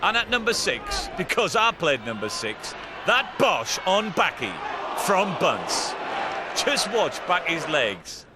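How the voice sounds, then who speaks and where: Over a roaring stadium crowd, a man talks through rugby highlights in a boisterous, high-pitched voice that leaps up and down. He takes his time between lines and bursts into sudden shouts. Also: very animated, slow pace, heavy background noise. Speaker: rugby video presenter. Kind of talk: lively sports commentary over clips.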